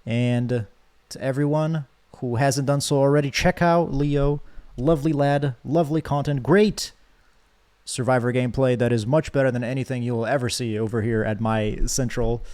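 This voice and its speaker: A man's voice: mid-range voice, fairly even intonation, moderate pace, a little mellow. A young man streaming a game, chatting casually with his viewers, joking and reading chat aloud.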